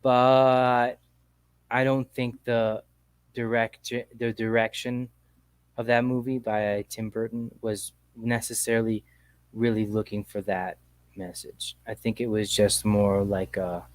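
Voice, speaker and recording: A man hosting a casual call-in chat show, talking in a relaxed, slangy, rambling way. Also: lowish voice, takes it slowly, no room sound. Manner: laid-back, slangy, rambling. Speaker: podcast host.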